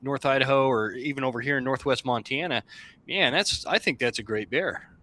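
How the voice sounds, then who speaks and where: A man's voice: mid-range voice, fairly quick, bright, forceful tone, dry recording. A man hosting a hunting podcast over a remote call, affable and chatty in casual conversation. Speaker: podcast host.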